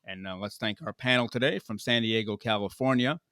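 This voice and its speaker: A man's voice: on the low side, brisk, sharp tone, clear, resonant tone, dry recording. Upbeat male podcast host, dry sound. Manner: upbeat, wrapping up with brief filler "uh"s. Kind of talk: podcast sign-off.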